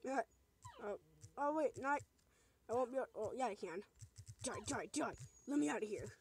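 A young woman with a fairly high, animated voice and quick pace comments casually on her video game. Goofy in this let's play, she banters with the enemies and lets out shrieks when she's in danger.

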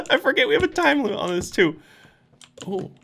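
A woman streaming a video game, commentating excitedly with frequent laughs and frantic exclamations. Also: sits high, moderate pace, gravelly, noisy background. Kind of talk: let's play commentary. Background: game music.

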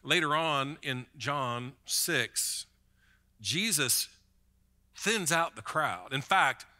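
Bright-toned pastor preaching conversationally. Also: male voice, a little high, expressive, drawn-out words. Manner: conversational preaching, repeats words when starting a thought. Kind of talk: sermon.

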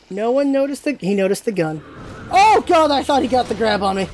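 A let's play host giving excited gameplay commentary, yelping, swearing freely and repeating words in rapid bursts. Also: mid-range voice. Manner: swears freely when things go wrong.

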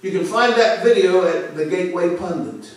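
A fiery male pastor preaches in a fairly high voice, leaning hard into some words and sinking low on others. The room rings with heavy echo, and he sounds set back from the microphone. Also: moderate pace. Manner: emphatic, forceful preaching with sudden drops in volume. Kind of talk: fiery sermon. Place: church sanctuary. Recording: echoey church hall from far off.

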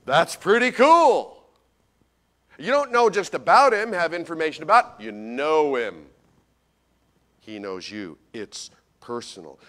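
Animated folksy pastor, a man preaching. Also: on the high side, slow pace. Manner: animated storyteller, swings from loud to hushed; folksy, addresses congregation directly. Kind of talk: Christmas sermon.

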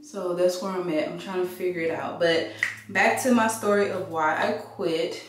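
A woman's voice: lowish voice, steady tone, moderate pace, noisy background. A woman, chatting casually to her viewers in a vlog while doing her makeup at home. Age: 30s. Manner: chatty, confiding, addresses viewers as y'all. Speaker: vlogger. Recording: very echoey room, voice off-mic.

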